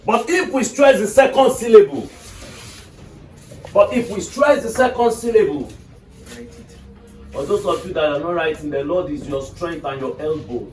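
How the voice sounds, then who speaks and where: A man's voice: on the high side, animated, moderate pace, long pauses, darkish tone, soft background music. A male teacher giving an English lesson to a class, often checking that his students are following. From Nigeria. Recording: echoey room, mic far off.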